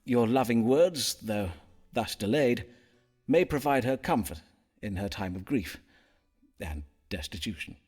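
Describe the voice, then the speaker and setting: A man's voice: medium pitch, lively intonation, unhurried, darkish tone, breathy edge, soft background music. A man voicing a pompous, bluffing Elizabethan quack doctor in a game, speaking in theatrical old-fashioned phrasing. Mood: solemn. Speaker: game character. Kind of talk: game voice acting.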